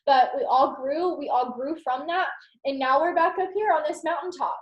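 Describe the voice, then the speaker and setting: A young woman giving a casual, rambling motivational talk to her team on a video call, animated and full of "like". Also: sits high, normal speed, dull audio. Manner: animated, rambling, heavy use of "like". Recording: roomy echo.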